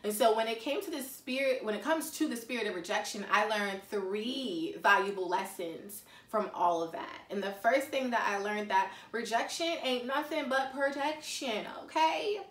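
Brief: woman vlogger, slangy and animated storytelling, recorded from a distance in a roomy space. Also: on the high side, moderate pace, few pauses. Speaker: faith vlogger. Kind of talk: casual confessional talk. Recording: echoey room, mic at a distance.

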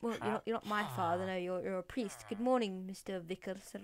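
A woman's voice: mid-range voice, steady tone, fast talker. A woman giving casual Minecraft gameplay commentary, chatting to the mobs and villagers and swearing playfully as she goes. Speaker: Minecraft let's player.

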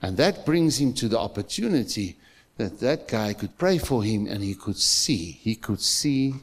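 Emphatic South African pastor preaching. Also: male voice, on the low side, lively intonation, measured pace, husky. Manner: emphatic, repeats phrases, asks the congregation questions. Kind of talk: sermon. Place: church.

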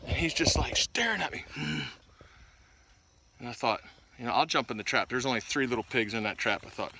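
A man tells a hunting story outdoors by a pig trap, animated and laughing, acting out the voices in it. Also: medium pitch, brisk, a little hiss or hum. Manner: animated, laughing, acts out voices in his stories. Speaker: pig hunter and vlog host. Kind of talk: casual storytelling to camera.

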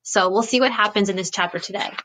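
Bright-voiced woman teacher reading a storybook. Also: medium pitch, quick pace, a little hiss or hum. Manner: gentle classroom explaining before reading. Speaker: teacher reading aloud to her class. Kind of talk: storybook read-aloud. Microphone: computer webcam.

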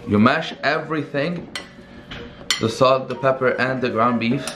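A man's voice: medium pitch, measured pace, background noise. A young man giving a casual, chatty cooking tutorial in a home kitchen, filmed on a camera someone else holds. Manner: upbeat, chatty, talks while working. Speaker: cooking vlogger. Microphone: camera held by another person. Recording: echoey room with music behind. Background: background music.

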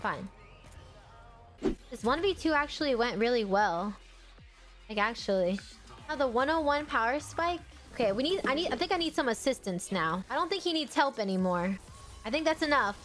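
A young woman streaming a game from home, chatting casually and quick to burst into excited exclamations. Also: on the high side, faint music behind. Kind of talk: casual gaming commentary.

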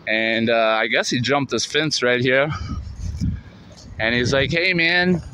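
Bright-voiced man telling a rough story. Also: mid-range voice, fairly even intonation, unhurried, slight background noise, rough recording. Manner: loose, rambling talk full of "like" and "man", with swearing. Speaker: vlogger recounting his recovery. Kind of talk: casual spoken storytelling on location. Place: outdoors beside a canal near a street.

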